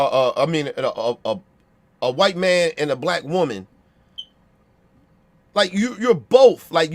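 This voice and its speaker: Man, Baltimore accent, high-pitched, blunt profane opinion rant, repetitive. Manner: blunt, profane, repeats himself and asks for agreement.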